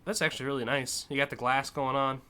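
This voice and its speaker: A man's voice: medium pitch, fairly even intonation, quick pace, bright, forceful tone. A man streaming live, casually and enthusiastically judging car designs, with frequent fillers and swearing.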